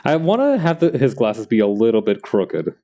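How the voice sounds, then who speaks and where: A man's voice: medium pitch, big pitch swings, normal speed, warm tone. A man chatting casually while he works on a comic, drifting into rambling, musing asides between remarks about his drawing. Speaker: comic artist streaming his work.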